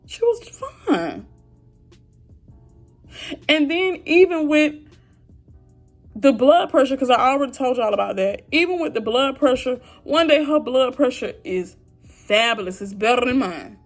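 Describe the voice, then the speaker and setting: A woman's voice: high voice, normal speed, soft background music. A young woman venting to her viewers about family trouble, frustrated and heartfelt, speaking directly and casually. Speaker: vlogger. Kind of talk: emotional venting to camera.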